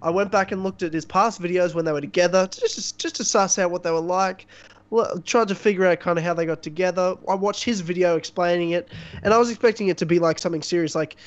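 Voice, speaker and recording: Podcast co-host, man, high voice, rambling and mocking, dull lo-fi call audio. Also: fast, dry recording. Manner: rambling storyteller, mocking impressions of others. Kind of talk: casual chat.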